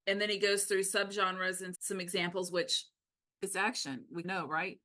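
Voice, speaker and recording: A woman co-hosting a podcast, talking casually and animatedly about a book, with quick asides. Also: medium pitch, fairly even intonation, bright, forceful tone. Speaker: podcast co-host.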